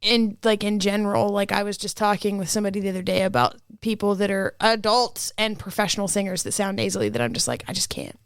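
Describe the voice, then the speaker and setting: A woman's voice: medium pitch, quick pace, hardly any pauses, smooth, no room sound, clean studio sound. A woman from Indiana, a guest co-host in a casual podcast chat, talking in an opinionated way with lots of fillers. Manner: chatty, opinionated, filler-heavy.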